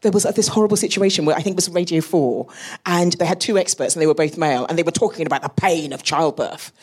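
A woman space scientist speaking as a guest on a live panel, animated and often laughing between phrases. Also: deep voice, fast, slightly rough.

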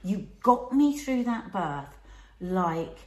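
A woman's voice: mid-range voice, very animated, slow pace, darkish tone. Passionate woman in her forties. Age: 40s. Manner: passionate, emphatic storytelling. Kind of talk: casual conversational storytelling. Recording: roomy echo.

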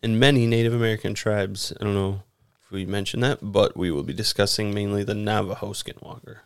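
Low gravelly guy chatting on a podcast, laughs a lot, dry sound. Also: steady tone, a little fast, no echo. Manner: laughs often, reads a respectful disclaimer. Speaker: podcast co-host. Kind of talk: casual chat.

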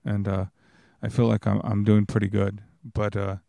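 A man's voice: lowish voice, monotone, normal speed, vocal fry, warm tone, no echo. A man hosting his own podcast, talking in a casual, rambling, earnest way close to the microphone. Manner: rambling, earnest, many restarts and fillers. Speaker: podcast host. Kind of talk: casual solo podcast monologue.

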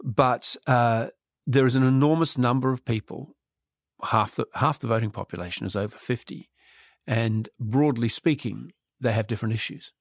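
A man's voice: medium pitch, gravelly, no room sound. Wry man, dry close sound. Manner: measured, wry analysis. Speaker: podcast co-host. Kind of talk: casual political chat.

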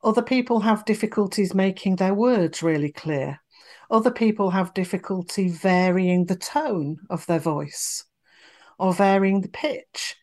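Woman, voice coach guest on a podcast interview; expressive, explanatory delivery. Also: medium pitch, measured pace. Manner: expressive, demonstrates vocal examples.

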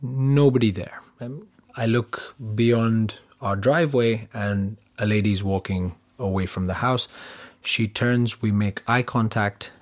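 A man's voice: fairly low pitch, slow pace. Man vividly retelling a strange encounter. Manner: vivid retelling, acting out dialogue. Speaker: interviewee. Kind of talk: personal recollection in an interview.

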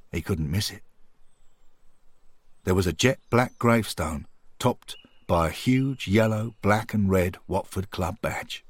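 A man narrating a scripted story in a calm, measured, earnest way. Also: deep voice, breathy edge, dry recording. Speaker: podcast storyteller.

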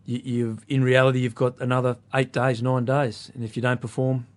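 A male rugby pundit speaking in a studio. He makes his points earnestly and with emphasis. His voice sits at an ordinary mid pitch. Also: little pitch movement, fairly quick.

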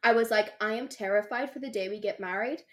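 A woman's voice: mid-range voice, fast. A young woman co-hosting a casual podcast chat, telling stories animatedly and acting out quotes, with lots of "like". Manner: animated storytelling, acts out quotes, says "like" a lot. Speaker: podcast co-host.

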